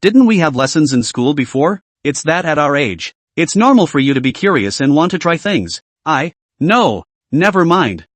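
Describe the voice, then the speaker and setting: An earnest, naive teenage girl from a comic story, read by a man. The voice sits a little high and moves a lot in pitch, recorded close and dry. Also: big pitch swings, normal speed, dry recording.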